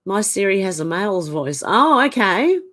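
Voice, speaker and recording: An Australian woman chats through a home livestream, greeting viewers one by one with a lilting "how you going". Her voice sits at an ordinary middle pitch, and her talk is loose and conversational, full of small asides. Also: very animated, normal speed, fairly bright tone. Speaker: livestream host. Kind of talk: casual chat reading out viewer comments. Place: home room, indoors.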